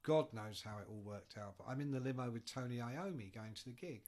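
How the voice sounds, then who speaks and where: A man's voice: medium pitch, a little fast, darkish tone. A man telling rambling road anecdotes in casual chat, swearing freely as a podcast guest.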